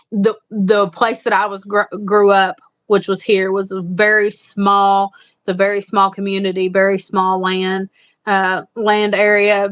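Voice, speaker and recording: A woman's voice: medium pitch, smooth, muffled recording. A woman with a strong Eastern Kentucky Appalachian accent, chatting casually and at length to viewers as a livestream host. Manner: rambling, repetitive, chatty. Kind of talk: casual live chat.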